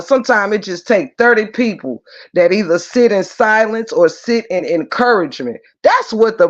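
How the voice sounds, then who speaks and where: A man talks to his livestream viewers in an animated, preachy way. His voice sits high for a man. The stream audio sounds muffled and lo-fi. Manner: animated preachy talk, addresses viewers directly. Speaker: livestream host. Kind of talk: casual livestream chat.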